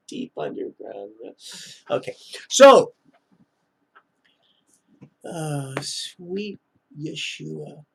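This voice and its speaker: A man telling his life story on a live stream, halting and full of restarts, drifting into preachy religious asides. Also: fairly high pitch, sing-song, vocal fry, husky. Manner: preachy, sprinkles in religious talk. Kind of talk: rambling live-stream monologue.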